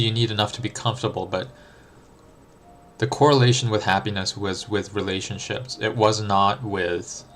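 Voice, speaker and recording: A man's voice: lowish voice, a bit bright, slight background noise. A young adult man streaming live, answering chat in a reflective, thinking-aloud way with frequent ums and restarts. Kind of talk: casual livestream chat.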